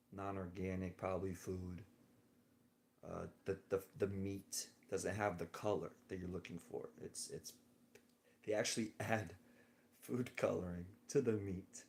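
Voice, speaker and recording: Slow, low-voiced rambling man. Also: flat delivery, a little mellow, a little hiss or hum. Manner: musing, drifting, with frequent chuckles. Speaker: vlogger. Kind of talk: rambling personal monologue. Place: lying in bed indoors.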